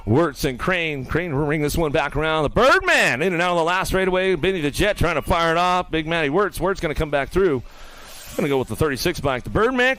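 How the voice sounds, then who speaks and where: Fast-talking man calling BMX races. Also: on the high side, fairly bright tone. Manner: rapid, joking banter with riders. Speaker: race announcer. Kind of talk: live BMX race commentary.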